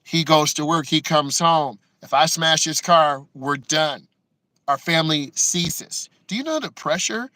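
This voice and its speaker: A man's voice: on the high side, measured pace, bright, forceful tone, no room sound, rough recording. A man, a driving instructor, telling personal stories in an emotional way and tagging many lines with "right?". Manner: emotional, acts out quotes with many "right?" asides. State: emotional, close to tears. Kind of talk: personal storytelling to the camera.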